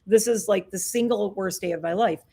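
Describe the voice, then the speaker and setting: A woman's voice: mid-range voice, brisk, vocal fry, warm tone, husky. A woman in her fifties, a beauty vlogger chatting candidly and reflectively through her skincare routine. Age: 50s. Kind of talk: casual chat during a skincare routine.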